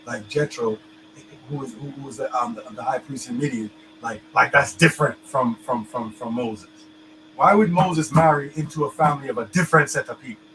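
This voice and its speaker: A man's voice: medium pitch, moderate pace, fairly bright tone, poor audio. A man talks casually and emphatically. His phrasing is loose, with slang and frequent restarts. A faint background noise sits under the voice. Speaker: co-host. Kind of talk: casual discussion.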